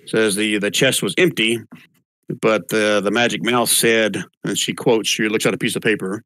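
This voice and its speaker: A man running a tabletop game as game master, narrating scenes and reading letters aloud in a steady voice. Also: fairly low pitch, normal speed, no room sound, rough recording.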